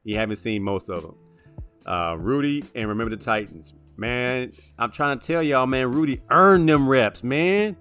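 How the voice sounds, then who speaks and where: Guy co-hosting a sports show, casual and animated, says man a lot, faint music behind. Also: mid-range voice, clear, resonant tone. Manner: animated, drawn-out "man" asides. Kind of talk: casual sports movie chat.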